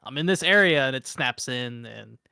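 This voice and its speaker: A man's voice: mid-range voice, expressive, moderate pace, vocal fry, pushed and bright, clear, resonant tone, dry recording, clean studio sound. A young man co-hosting a gaming podcast, rambling casually with lots of "like" fillers. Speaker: podcast co-host. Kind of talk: casual chat.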